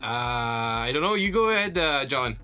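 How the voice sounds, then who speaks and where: A man's voice: medium pitch, very animated, normal speed, sharp tone, faint music behind. A male radio show host chatting casually, upbeat and laughing often, stumbling and repeating words as he talks.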